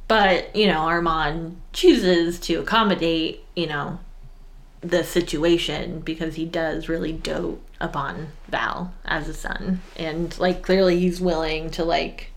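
A woman co-hosting a casual film podcast in a chatty, filler-heavy way. Her pitch sits slightly low for a woman. She retells scenes with easy enthusiasm. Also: steady tone, slow pace. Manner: chatty, many fillers, quotes scenes in shrieky voices. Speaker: podcast co-host. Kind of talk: casual chat about films.

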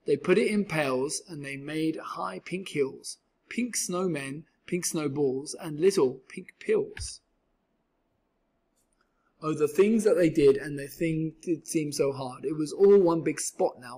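A man's voice: fairly high pitch, slow pace, warm tone, slightly rough. A man reading a rhyming children's storybook aloud with a rhythmic, sing-song delivery. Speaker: storybook reader.

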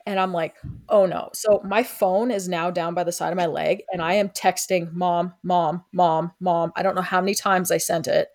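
A young woman tells a story on a casual chat show, slipping into quick impressions of the people in it. Her voice sits low for a woman, and she curses freely as she goes. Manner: animated, acts out quotes of others. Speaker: guest storyteller. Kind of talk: casual storytelling with heavy swearing.

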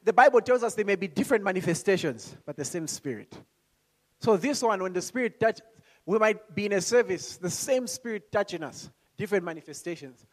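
Preaching a sermon, a man with a high voice speaks calmly and slowly before rising to loud calls. Along the way he asks the congregation questions and acts out voices.

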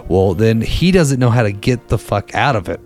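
A man's voice: lowish voice, animated, normal speed, a little mellow, soft background music. A man telling a rambling story in a casual, profane, laid-back way as a podcast host.

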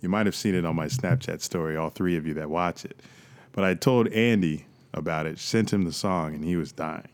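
Young man, very low voice, casual podcast chat, joking and profane. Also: brisk. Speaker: podcast co-host.

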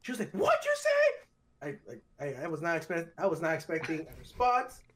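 Young man, podcast co-host, casual storytelling, lively swooping pitch, acts out quotes. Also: fast, a little hiss or hum.

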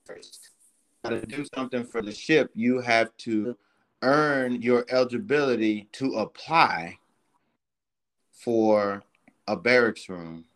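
Man, mid pitch, very slow delivery, measured explaining, casual podcast chat. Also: fairly bright tone. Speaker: podcast co-host, submariner.

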